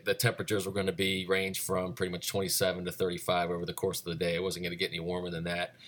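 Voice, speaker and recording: Low-voiced man in his forties, rambling. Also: fairly bright tone. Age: 40s. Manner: rambling, unhurried, with many "uh" pauses and restarts. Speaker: ultramarathon runner recapping his race. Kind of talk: casual solo recap.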